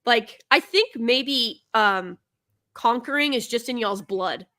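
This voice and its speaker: A woman's voice: fairly high pitch, takes it slowly, sharp tone. A woman hosting a casual commentary chat, talkative and laughing often, with frequent restarts. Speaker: host.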